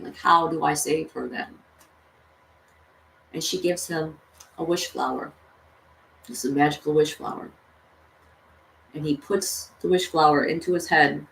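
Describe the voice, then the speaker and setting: Her voice is low yet fairly bright as this vlogger rambles through the plot of a cartoon, leaning heavily on fillers like "like" and "you know." Faint noise, room echo and a far-off mic mark the audio.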